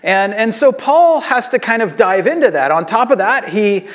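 A man's voice: sits high, animated, moderate pace. A male pastor preaching a sermon in a conversational, self-deprecating way, using fillers and restarts.

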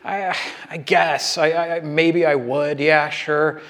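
A man's voice: fairly high pitch, steady tone, slow pace, a bit bright. A man doing a stammering tactless husband. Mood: fumbling. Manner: stammering, fumbling for words.

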